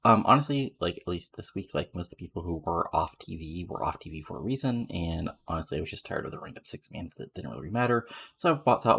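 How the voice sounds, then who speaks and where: A man's voice: low voice, sing-song, fast, creaky, few pauses, a bit bright, slightly rough. A man giving casual, rambling commentary on a game he is playing, with lots of fillers. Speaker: let's play commentator.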